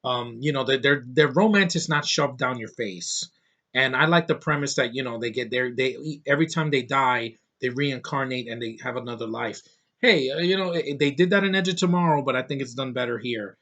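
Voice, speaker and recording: Bright-voiced rambling male reviewer. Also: mid-range voice, brisk, highs cut off. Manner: rambling, enthusiastic, many fillers. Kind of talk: casual opinion review.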